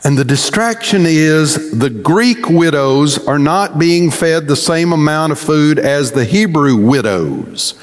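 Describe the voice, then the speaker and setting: Male pastor, fairly high voice, folksy storytelling sermon, long hall reverb. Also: lively intonation, slow pace, few pauses.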